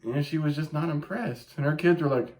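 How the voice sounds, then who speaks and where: Speaking a little fast in a fairly high pitch, a man co-hosts a podcast. He spins lively stories in relaxed conversation, swearing freely along the way.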